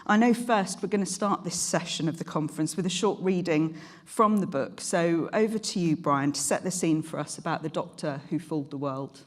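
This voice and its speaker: A woman hosting a conference session, introducing and interviewing a guest speaker in a polite, appreciative manner. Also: fairly low pitch. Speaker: conference host. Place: conference stage.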